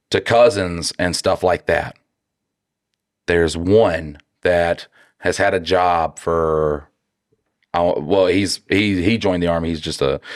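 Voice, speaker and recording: A man co-hosting a podcast, talking bluntly and profanely with lots of restarts. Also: deep voice. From North Carolina. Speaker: podcast co-host. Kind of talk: casual podcast chat.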